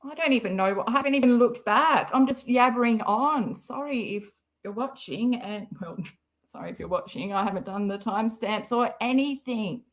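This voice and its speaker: A woman's voice: on the high side, moderate pace. A woman hosting a casual live stream, rambling and sarcastically mocking as she comments.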